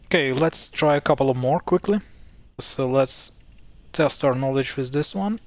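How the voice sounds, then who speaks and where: A man's voice: medium pitch, normal speed, dry recording. Hesitant man explaining pronunciation. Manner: hesitant, many fillers and self-corrections. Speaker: language teacher. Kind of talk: casual explanatory lesson.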